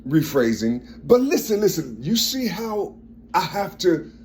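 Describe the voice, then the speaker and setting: A man in his fifties with a strong, forceful tone, talking in a rambling personal monologue and repeating phrases as he searches for words. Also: sits high, big pitch swings, measured pace, slight background noise. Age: 50s.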